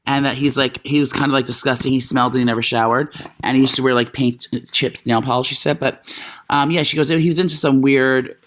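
Man, co-host, quick chatty delivery, animated gossip storytelling, mid pitch. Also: a little hiss or hum. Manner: animated storytelling, frequent fillers. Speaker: podcast co-host. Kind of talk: casual chat.

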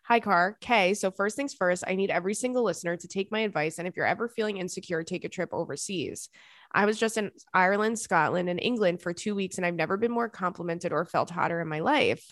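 A young woman hosting a podcast, reading listener emails aloud and reacting with sassy, animated commentary. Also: on the low side, fast talker, no room sound. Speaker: podcast host.

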